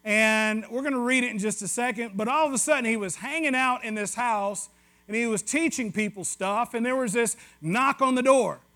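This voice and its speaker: A man's voice: very high-pitched, normal speed, pushed and bright. A man with a West Tennessee Southern accent preaching a sermon in a conversational, joking way, with asides to the congregation. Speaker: pastor.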